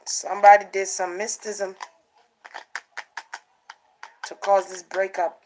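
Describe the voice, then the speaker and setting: Woman, tarot reader, casual animated delivery, faint clicks in background. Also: mid-range voice, slow pace, a little hiss or hum, rough recording. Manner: animated, repeats herself, acts out quotes. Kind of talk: casual spiritual card reading.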